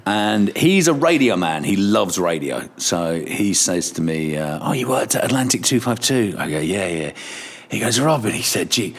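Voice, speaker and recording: Low-voiced man telling lively radio stories. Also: gravelly, husky. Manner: swearing, laughing storyteller who acts out quotes. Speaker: radio presenter, podcast guest. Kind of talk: storytelling in casual chat.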